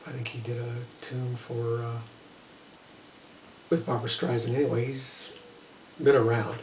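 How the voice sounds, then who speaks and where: An older man telling a long casual story about his life as a musician, rambling and filling pauses with "you know" and "uh". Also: medium pitch, flat delivery, darkish tone, slight background noise. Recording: roomy echo, voice from a distance.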